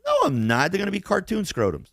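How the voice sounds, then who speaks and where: A man's voice: high voice, sing-song, fast, a bit bright, no room sound, clean studio sound. Profane, laughing podcast co-host man. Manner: profane, boastful, laughs often. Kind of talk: casual chat.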